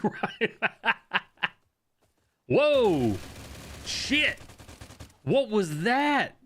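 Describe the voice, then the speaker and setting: A young man streaming a shooter game, talking fast and loose as he plays, swearing, laughing and answering chat. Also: mid-range voice, bright, forceful tone. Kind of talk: live gameplay commentary.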